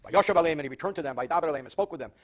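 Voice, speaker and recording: An older man with a notably high voice teaches a Torah portion as a rabbi. He reads each Hebrew phrase slowly, translates it, and drops in quick wisecracks along the way. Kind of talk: verse-by-verse Torah class with jokes.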